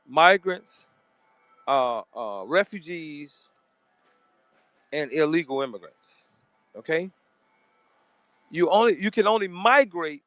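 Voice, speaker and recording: A man from Memphis with a slightly raised pitch hosts a heated live audio room. He speaks forcefully and stammers out repeated words as he presses his point. The sound is dry, with no room around it. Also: no room sound. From Memphis, Tennessee. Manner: forceful, repeats words, cuts in to correct others.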